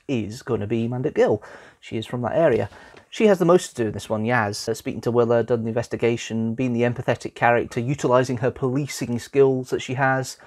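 A man giving a casual, unscripted spoken review of a TV episode, with frequent restarts and pauses. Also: medium pitch, a little mellow.

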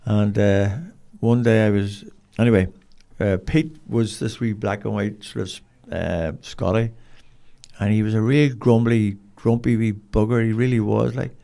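An older man with a Northern Irish accent, telling rambling, animated stories as an interview guest. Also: lowish voice, a little slow, vocal fry. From Northern Ireland. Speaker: guest, dog trainer. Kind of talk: casual storytelling.

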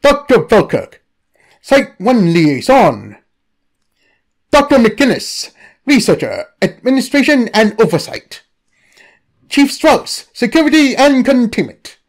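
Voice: medium pitch, big pitch swings, slow, pauses often. A narrator reading a comedic anomaly file in a scripted style.

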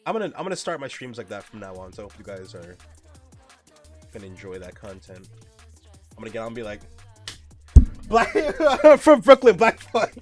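A man's voice: fairly high pitch, fairly bright tone. A young man streaming a game, chatting casually in a joking, profane way with frequent laughs. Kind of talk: casual gameplay chat.

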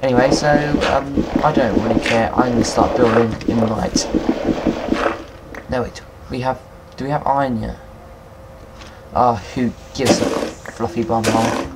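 A young man giving casual, excitable game commentary at his computer, swearing often and talking to himself. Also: medium pitch, a little slow, very noisy. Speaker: gaming video maker. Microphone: computer mic, no headset.

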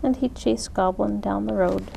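A woman reading a children's picture book aloud with expressive delivery. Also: mid-range voice, moderate pace, gravelly, background noise. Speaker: story reader. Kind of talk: children's storytime read-aloud.

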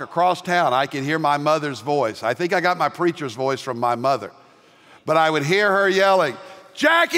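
An older man from the American South with a Southern accent, preaching a sermon as pastor with homespun humor and loud, emphatic rises. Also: mid-range voice. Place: large church sanctuary. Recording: long reverb of a large church.

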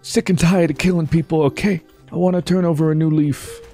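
A man commentating his own gameplay as a video host, joking around and breaking into sudden high yelps. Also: steady tone, fairly quick, warm tone, faint music behind. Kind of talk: let's play commentary.

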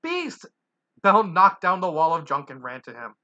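A story reader who giggles and adds little asides while reading aloud. The voice is bright, with lively pitch. The home recording sounds dull and lo-fi. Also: a little fast. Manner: giggly, self-commenting asides. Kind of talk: reading fan fiction aloud.

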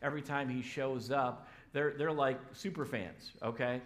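A man preaching a sermon as pastor in a church, loud and energetic. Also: mid-range voice, moderate pace.

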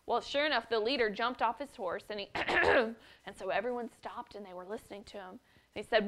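A woman tells a story to a children's church class, often turning to ask the boys and girls questions. Her voice sits a little high and stays animated. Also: brisk. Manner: animated, addresses children directly.

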